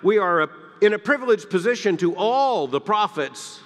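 A man's voice: expressive, normal speed. Preacher man in echoing church. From Deep South of the US. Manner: emphatic, swinging from loud peaks to hushed lows. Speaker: pastor. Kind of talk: sermon. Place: church sanctuary.

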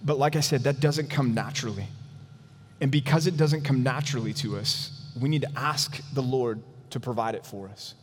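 A man's voice: mid-range voice, moderate pace, big-room sound, a little hiss or hum. A man pastor preaching an earnest, emphatic sermon in a church.

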